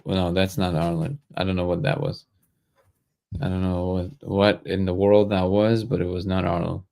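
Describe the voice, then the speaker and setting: Low-voiced man hosting a casual livestream. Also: moderate pace, creaky. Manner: relaxed, thinks aloud, joking asides. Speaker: livestream host. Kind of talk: casual live chat answering viewer comments.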